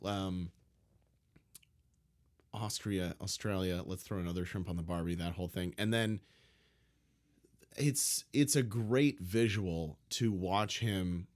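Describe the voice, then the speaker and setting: A man with a fairly low voice co-hosts a podcast in a loose, casual chat. He tells stories playfully and in close detail. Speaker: podcast co-host.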